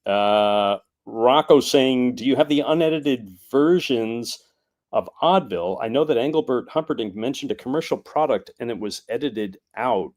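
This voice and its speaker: A man's voice: medium pitch, animated, normal speed, a little mellow. A man hosting a live stream, talking casually and hesitantly with many ums while he introduces clips and reads out chat comments. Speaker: live stream host presenting archival clips.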